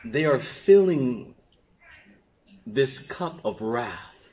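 A man preaching a sermon as pastor, dropping to quiet, drawn-out phrases and then rising to emphatic exclamations. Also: medium pitch, animated. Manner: swings from hushed to emphatic, with stretched pauses. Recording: dull lo-fi sermon recording.

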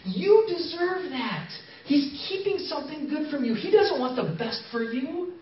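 A man's voice: extremely high pitch, animated, measured pace, a little hiss or hum, voice pushed up. A man voicing a sly tempting devil in a whispered role-play, coaxing and wheedling. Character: sly tempting male devil, hissing persuasion. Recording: echoey hall from far off, dull.

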